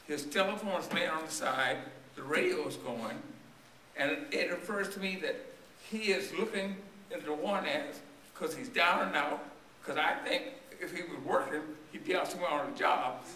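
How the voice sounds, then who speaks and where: A man's voice: a little high, moderate pace, sharp tone, slight background noise. A man preaching a storytelling sermon to his congregation, his voice strained and tiring, asking the people questions as he goes. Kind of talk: church sermon. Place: church sanctuary. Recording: echoey church recorded from a distance.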